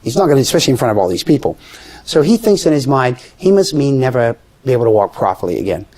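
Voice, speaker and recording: A man telling a story in casual conversation, animated and acting out the people he quotes. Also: quick pace. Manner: animated, acts out quoted voices with pitch jumps. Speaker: guest storyteller.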